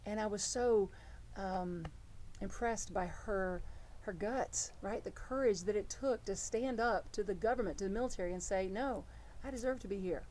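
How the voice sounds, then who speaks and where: A woman's voice: medium pitch, moderate pace, a little hiss or hum. Earnest woman preaching a sermon. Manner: storytelling, earnest and animated, with many restarts. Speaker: reverend.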